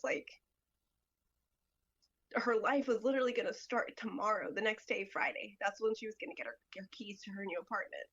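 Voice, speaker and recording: A woman guest on a podcast, telling a personal story in a halting way, full of "like" and "you know". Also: medium pitch, a bit bright, husky, lo-fi sound.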